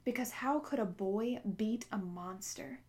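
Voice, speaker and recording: A woman narrating a novel at a steady pace, with small slips now and then. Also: on the high side, a little slow. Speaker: audiobook narrator. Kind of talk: reading a novel aloud.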